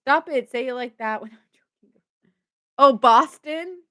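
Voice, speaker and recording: A woman's voice: high voice, measured pace, sharp tone. A woman hosting a live tarot reading, chatty and playful, often laughing and greeting viewers by name.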